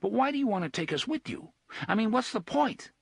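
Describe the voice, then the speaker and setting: Man doing a frantic, wisecracking young guy, high voice. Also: sing-song, gravelly, breathy edge, no room sound, studio quality, full character voice. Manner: quick, sarcastic, high-pitched.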